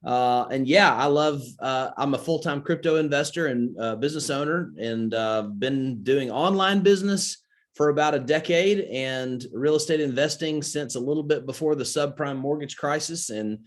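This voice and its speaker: A man's voice: medium pitch, moderate pace. A man in his forties from Alabama with a Southern American accent, talking casually as a podcast guest, chatty and self-deprecating with plenty of fillers. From Alabama, USA. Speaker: podcast guest, crypto investor. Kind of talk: casual interview talk.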